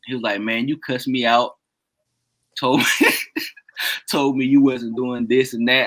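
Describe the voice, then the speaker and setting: A man with a bright, forceful voice spins a rowdy story for his friends in casual chat. He laughs a lot between lines and voices the people in his tale. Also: medium pitch, measured pace, pauses often, low-quality recording. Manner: animated, laughs often, acts out quoted dialogue. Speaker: podcast co-host telling a story.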